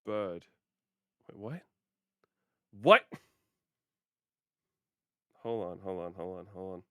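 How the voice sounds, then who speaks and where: On a casual gaming livestream, a man talks to his viewers in a playful way and laughs easily. His low voice is smooth, clear and fairly bright with lively intonation, captured close to the mic in a dry space without room echo.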